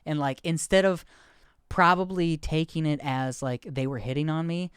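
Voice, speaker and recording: A man's voice: a little high, steady tone, moderate pace, a bit bright, clean tone, dry recording, clean studio sound. A man in his thirties hosting a podcast, rambling candidly and poking fun at himself in casual chat. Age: 30s. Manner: rambling, candid, self-deprecating. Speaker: podcast host.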